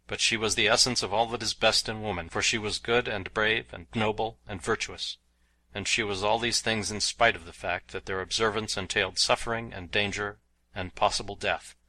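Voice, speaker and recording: Bright-toned male audiobook narrator. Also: fairly low pitch, poor audio. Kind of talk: scripted narration of a novel.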